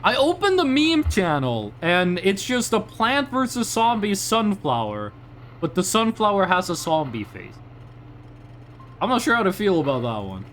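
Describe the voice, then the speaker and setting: A young man chats with his stream audience in a loose, rambling way and often trips over his sentences. His voice sits high and swings widely in pitch. A faint noise runs underneath. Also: wildly swooping pitch, normal speed, a bit bright. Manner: rambling, chatty, reacting to chat with frequent restarts. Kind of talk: casual live-stream chat.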